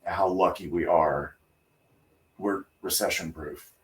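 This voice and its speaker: A man tells a personal story on a casual podcast. He talks loosely and takes his time, with pauses and fillers along the way. He is a hairdresser chatting with a colleague. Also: low-pitched, steady tone, far from the mic.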